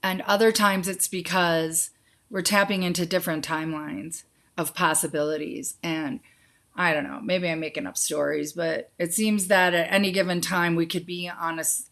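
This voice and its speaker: On a casual live stream, a woman with a lowish, somewhat bright voice and fairly even intonation runs a psychic Q&A. She reads questions from viewers aloud and gives rapid, intuitive yes-or-no readings, calling them sweetie and honey.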